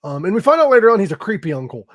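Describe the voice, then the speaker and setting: A man's voice: high voice, big pitch swings, very fast. A man hosting a podcast, giving a loose, profane, casual recap of a film, full of fillers like "um" and "like". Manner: loose, profane retelling with frequent fillers and laughs. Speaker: podcast host.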